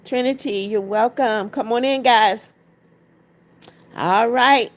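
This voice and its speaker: A woman's voice: a little high, takes it slowly. A woman hosting a casual livestream, greeting viewers by name, reading their comments aloud and coaxing them to tap likes. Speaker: livestream host.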